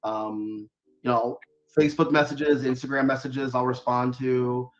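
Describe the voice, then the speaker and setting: A man's voice: medium pitch, flat delivery, a little slow, muffled recording. A man, a guest author, chatting casually in an interview, rambling with lots of fillers and restarts.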